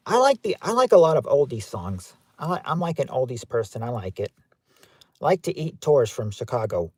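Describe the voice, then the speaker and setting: A man's voice: medium pitch, mellow, breathy edge, no echo. A man from Kentucky with a Southern accent, hosting a casual livestream outdoors and reading viewer chat aloud with lots of restarts. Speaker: livestream host.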